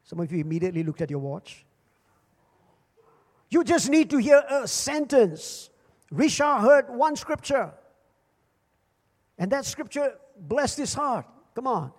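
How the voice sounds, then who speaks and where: Older male pastor, high voice, preaching with dramatic rises and drops, repeats phrases, reverberant church hall. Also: very animated, a little slow, long pauses. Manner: dramatic swings in pitch and volume, repeats phrases. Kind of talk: sermon. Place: church service.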